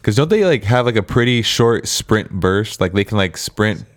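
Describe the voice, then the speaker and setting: A man's voice: on the low side, expressive, normal speed, no room sound, studio quality. A man in casual chat, curious and full of questions. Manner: curious, asks lots of questions.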